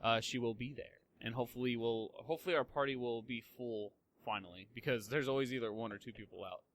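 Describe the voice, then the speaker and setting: A man's voice: mid-range voice, fast talker, a bit bright, no room sound. A young man hosting a podcast in casual chat, rambling with lots of fillers and restarts and swearing freely. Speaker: podcast host.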